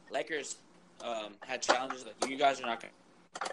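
A man hosts a podcast and chats about sports in a loose, casual way. He tells his stories animatedly and acts out both sides of each exchange. His voice sits at a middling pitch, and clear background hiss and clicks run under the recording. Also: fairly even intonation, fairly quick. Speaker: podcast host.

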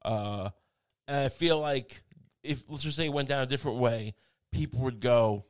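A man's voice: medium pitch, moderate pace, smooth. Rambling, self-mocking man in casual chat.

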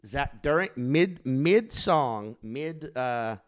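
A man in his forties telling stories in casual podcast chat, animated and profane, acting out quotes in loud bursts. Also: mid-range voice, very slow, clean tone. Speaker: podcast co-host.

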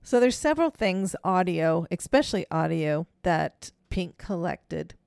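In studio-quality, echo-free sound, a female podcast co-host with a fairly low, creaky, clean voice speaks at a measured pace. She's telling a story casually and animatedly, breaking into frequent laughter and voicing what others said.

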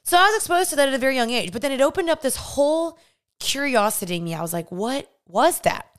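A woman's voice: sits high, very animated, fast talker. A young woman podcast host telling a personal faith testimony in a candid, earnest, chatty way.

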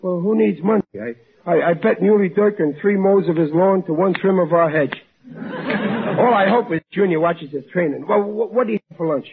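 An actor playing a blustering, boastful working-class father with a husky, raspy voice, stammering through 1940s radio comedy. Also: high voice, normal speed, exaggerated voice. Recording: lo-fi old radio recording.

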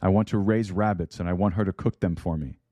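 Man doing a hopeful Russian sub officer, put-on Russian accent, low dark voice, dry sound. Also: fairly even intonation, fast talker, dry recording, natural voice. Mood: wistful. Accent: Russian, put on poorly.

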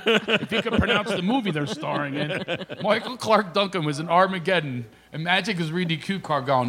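A man, a comedian guest on a radio talk show, telling animated comic stories and slipping into impressions. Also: a little high, fast talker. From Philadelphia.

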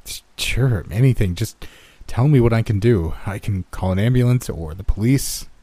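Brief: man doing an eager, rattled young guy, stammering, deep and dark voice. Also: dry recording, natural voice. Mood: flustered. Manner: stammering, rushed questions.

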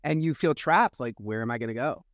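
A man's voice: mid-range voice, expressive, brisk, no room sound, studio quality. A man hosting a podcast, asking brief, sympathetic questions. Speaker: podcast host. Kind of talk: interview questions.

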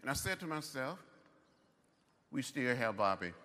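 Older man with a bright, swooping orator's voice. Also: mid-range voice, big pitch swings, moderate pace. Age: 70s. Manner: orator's rhythmic cadence with emphatic repetition. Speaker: commencement speaker. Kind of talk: ceremonial speech. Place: university ceremony venue. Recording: echoey large hall.

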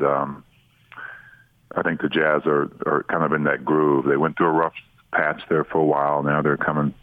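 Very deep-voiced male broadcaster. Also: dry recording, narrow, tinny audio. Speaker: basketball broadcaster, guest. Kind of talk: casual radio chat.

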